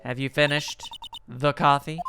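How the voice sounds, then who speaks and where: A woman voicing a creepy, quiet female secretary who speaks low and softly with menacing politeness. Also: fairly even intonation, unhurried, gravelly, music in the background. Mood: ominous hush.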